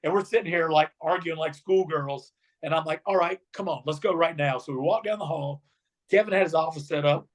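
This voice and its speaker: A man's voice: a little high, a little fast. A middle-aged man, a former wrestler, telling stories in an interview and acting out the voices of the people in them. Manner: animated storyteller acting out quotes. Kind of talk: storytelling interview.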